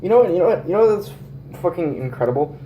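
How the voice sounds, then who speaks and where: A teenage boy records his own vlog in an echoey room with faint noise, talking casually in a rambling, profane, jokey way. His voice is on the high side, animated, fast, and warm.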